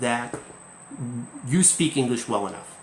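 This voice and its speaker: Hosting a live-stream chat as an English teacher, a man speaks emphatically at a moderate pace in an animated, mid-range voice, tagging his points with "okay?". The room echoes, with faint ambience and slight background noise.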